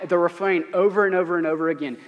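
A man's voice: high-pitched, fairly even intonation, racing, lo-fi sound. A man preaching a sermon to his congregation, earnest and emphatic, often asking rhetorical questions. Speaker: pastor. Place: church sanctuary. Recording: long hall reverb.

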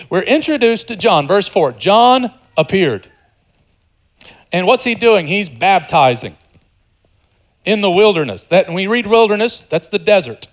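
Guy preaching a sermon, kinda high voice, chatty and jokey, gets loud then goes all hushed. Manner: animated, swings between loud emphasis and hushed, softer passages; conversational and joking with the congregation. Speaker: pastor.

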